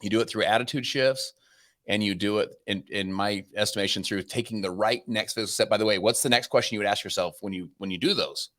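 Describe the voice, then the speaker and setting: Man, 40s, podcast guest, rapid energetic storytelling, low pitch. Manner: fast-talking, energetic, many restarts. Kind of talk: conversational storytelling.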